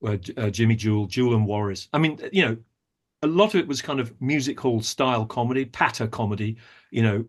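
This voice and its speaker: A man's voice: mid-range voice, a little fast. Thoughtful male actor, storytelling. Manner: thoughtful storyteller, talks at length with many small restarts. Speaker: guest, actor and director. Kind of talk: interview conversation.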